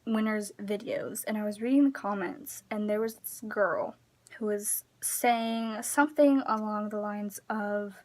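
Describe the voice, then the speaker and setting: A woman's voice: medium pitch, steady tone, a little slow. A woman ranting casually to her phone camera at home. She is emphatic and rambling, and drops to a near-whisper as she trails off. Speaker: vlogger.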